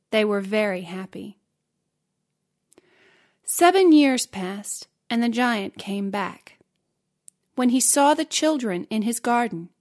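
Give me a woman reading a simple storybook slowly and clearly. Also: mid-range voice. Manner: slow, clear, careful reading. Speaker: narrator.

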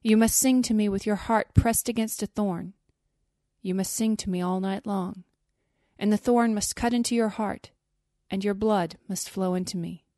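A woman's voice: medium pitch, steady tone, moderate pace, dark tone, dry recording, clean studio sound, close to an everyday voice. A woman reading as a grave, solemn rose tree.

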